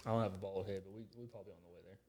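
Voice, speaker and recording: A podcast co-host tells a story in casual, profane chat, animatedly acting out the quoted lines. His voice is deep and racing, with slight background noise.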